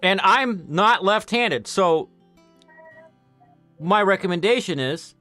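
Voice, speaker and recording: A man's voice: high voice, expressive, slow pace, pushed and bright, dry recording, soft background music. A man in his late thirties streaming a game, chatting casually and rambling into practical advice. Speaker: gameplay streamer. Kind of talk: casual chat over gameplay.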